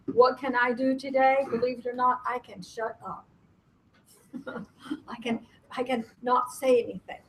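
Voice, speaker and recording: A woman's voice: fairly high pitch, fairly bright tone, a little hiss or hum, low-quality recording. A woman facilitating a conference workshop, speaking candidly and with self-deprecating humor, laughing often.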